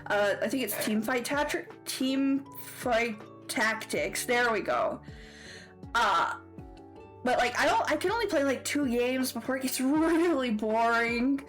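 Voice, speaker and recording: A woman's voice: on the high side, lively intonation, unhurried, a bit bright, faint music behind. A woman with a Southern American accent chatting casually on a livestream, playful and giggly with squealy outbursts. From Southern United States. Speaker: streamer.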